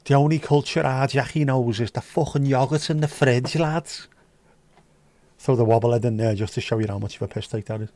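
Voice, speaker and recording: In a dry recording, a man reads chat on his casual livestream, trading sweary, joking banter with viewers. His mid-range voice runs fairly quick and has a darkish tone.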